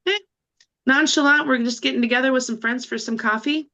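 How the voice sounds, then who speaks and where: A woman tells her story over a video call, emotional and animated, often starting her sentences over. Her voice is bright and forceful, and the call audio sounds dull and lo-fi. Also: high-pitched, a little fast. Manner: emotional, animated, rambling with restarts. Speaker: team member on a call. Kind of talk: casual personal sharing.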